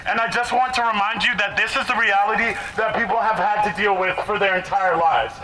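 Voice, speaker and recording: Out-of-breath man, high voice, impassioned rally speech outdoors, heavy background noise. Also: steady tone, brisk, rough recording. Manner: earnest, repetitive, shouts to the crowd. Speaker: rally speaker.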